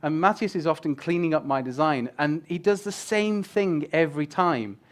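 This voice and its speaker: Male guest speaker, slightly high voice, lively and joking, casual with swearing. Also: moderate pace. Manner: animated, swears casually, jokes with the crowd. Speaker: guest speaker on user experience design. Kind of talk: casual presentation talk. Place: event room with a live audience.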